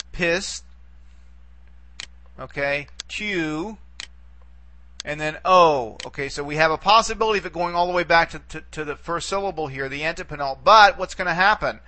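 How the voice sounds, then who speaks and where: A man with a fairly high, sharp voice teaches Greek in a recorded video lecture. He takes a patient approach, repeating vocabulary and often pausing to ask "okay?"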